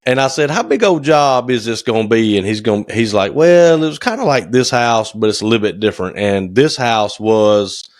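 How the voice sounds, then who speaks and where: A man's voice: lowish voice, lively intonation, a little fast, hardly any pauses, no room sound, clean studio sound. A man, co-hosting a casual podcast chat and acting out phone calls as he tells stories. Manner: folksy storyteller, acts out phone calls. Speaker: podcast co-host, cabinet maker.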